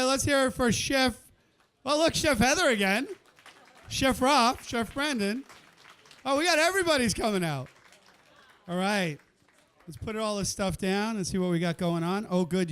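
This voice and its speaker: Hosting a cooking contest live in an indoor kitchen venue, this man has a clean, slightly bright voice that sits high. His play-by-play is chatty and playful, full of countdown calls, banter with the chefs and crowd, and encouragement for the audience.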